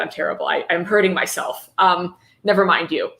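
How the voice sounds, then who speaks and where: A woman's voice: lowish voice, fast talker, gravelly, few pauses, pushed and bright. A woman on a livestream reading a book aloud and breaking in with sarcastic, mocking commentary. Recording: roomy echo.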